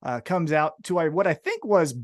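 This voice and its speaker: A man co-hosting a casual podcast, retelling events in an excitable, animated way and swearing freely. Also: fairly high pitch, normal speed. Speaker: podcast co-host.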